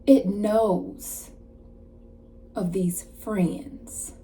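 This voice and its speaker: Slow, mellow-voiced woman reader. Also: mid-range voice, a little hiss or hum. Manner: animated retelling with slang and asides. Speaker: spiritual card reader. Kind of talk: casual channeled-message reading.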